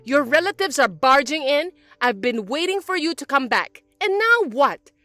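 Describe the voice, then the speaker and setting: Woman voicing an older mother-in-law, shrill, high, swooping, accusing, faint music behind. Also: big pitch swings, moderate pace, sharp tone, no echo, exaggerated voice. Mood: scolding. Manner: accusing, nagging, self-pitying. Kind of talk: audio drama acting.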